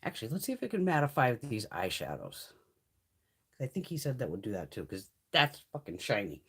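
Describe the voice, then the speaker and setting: Chatty, foul-mouthed woman with lively pitch. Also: brisk, husky. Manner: chatty, blunt, swears freely; answers viewers' comments by name. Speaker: beauty livestream host. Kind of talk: casual livestream chat.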